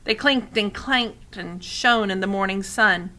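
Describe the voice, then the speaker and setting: A woman's voice: medium pitch, unhurried, sharp tone. A woman reading a children's novel aloud expressively, adding asides to the listener. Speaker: audiobook reader.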